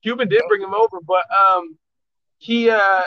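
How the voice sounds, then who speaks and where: A man's voice: high voice, sing-song, moderate pace, gravelly, no room sound. A man, a podcast guest, telling a rambling, profane story in casual chat. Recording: dull lo-fi dry sound.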